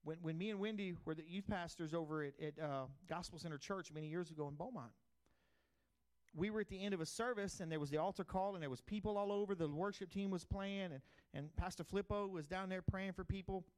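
A middle-aged pastor, preaching a sermon in a conversational storytelling way, swinging from loud bursts to quiet asides. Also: male voice, high voice, a little fast, clear, resonant tone.

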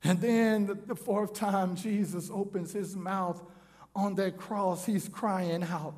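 A man preaching a sermon in an impassioned, shouting delivery. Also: high-pitched, steady tone, slow.

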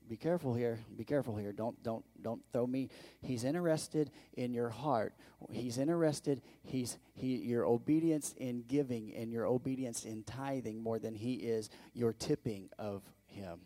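Man preaching a lively conversational sermon. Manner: conversational preaching with rhetorical questions and acted-out quotes; swings between loud bursts and quiet, low asides. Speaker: pastor.

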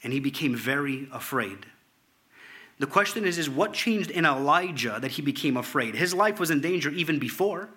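A man preaching a sermon, reading scripture aloud in an animated way, at times dropping to a hushed tone. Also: fairly high pitch, moderate pace. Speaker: pastor.

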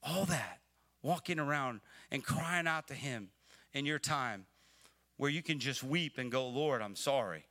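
Bright-voiced man preaching a livestream sermon. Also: measured pace. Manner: conversational preaching that swells to emphatic, pleading highs. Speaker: pastor. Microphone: livestream mic.

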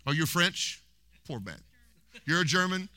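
A man preaching a sermon in a church, telling history as an animated, humorous story and mimicking voices. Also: fairly high pitch, a little slow.

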